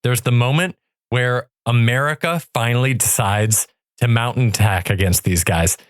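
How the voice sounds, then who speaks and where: A man's voice: mid-range voice, moderate pace, clear, resonant tone, no room sound, studio quality. A man co-hosting a podcast, riffing in a wry, sarcastic tone. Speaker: podcast co-host. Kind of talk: casual comedic chat.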